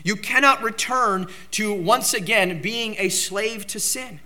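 Brief: male pastor with a bright, high voice, preaching emphatically. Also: slow pace. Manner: emphatic preaching, rising to loud outbursts on key phrases. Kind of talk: sermon.

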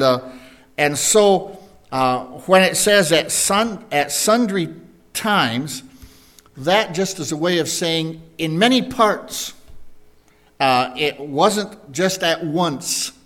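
Slow-paced male Bible teacher. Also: a little high, lively intonation, a bit bright. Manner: slow, deliberate, asks the congregation questions. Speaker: preacher.

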